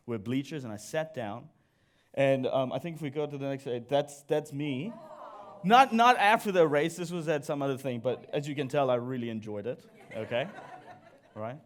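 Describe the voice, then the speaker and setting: A man giving a church sermon, telling a personal story in an animated way and joking about himself as he speaks to the congregation. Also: fairly high pitch. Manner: animated storyteller, jokes at own expense, addresses audience. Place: church service.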